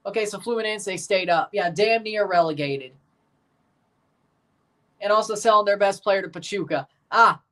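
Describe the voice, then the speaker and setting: A man's voice: high voice, moderate pace, pauses often, sharp tone. Chatty man reacting to a football match. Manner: chatty, opinionated, talks to viewers. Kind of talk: casual livestream commentary.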